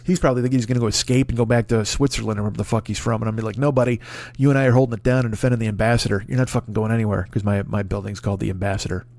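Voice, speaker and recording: A man's voice: medium pitch, creaky, darkish tone, no echo. A man comedian with an American accent doing a rambling, profane comic rant. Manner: profane, rambling, riffing with impressions. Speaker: comedian host.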